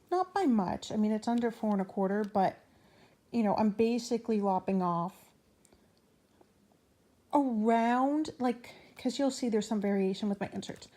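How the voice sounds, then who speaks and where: A woman's voice: a little high, warm tone. A young woman chatting casually in a rambling way with fillers and restarts, out of breath and hiccuping. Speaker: planner vlogger. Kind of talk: casual chat.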